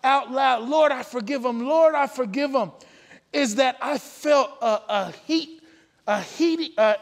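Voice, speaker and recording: A man's voice: extremely high pitch, in a large hall. A man preaching a testimony sermon, telling his story earnestly with frequent filler sounds. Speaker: pastor. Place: church sanctuary.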